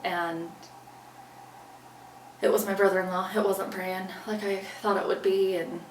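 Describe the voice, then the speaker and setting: A woman's voice: medium pitch, flat delivery, a little slow. A woman recounting a personal story as an interview guest, earnestly acting out what she said back then. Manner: earnest, retells events by acting out her own past lines. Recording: roomy, distant mic, faint background noise.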